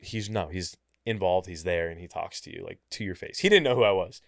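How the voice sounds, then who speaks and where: A man from the American Midwest speaks in a low, smooth voice. He tells stories in a casual, animated way and fills his talk with "like." He is recorded on a dry, close studio mic. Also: quick pace, few pauses, no room sound. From Kansas City, United States. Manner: animated, chatty, heavy use of "like". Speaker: podcast guest. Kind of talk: casual storytelling interview.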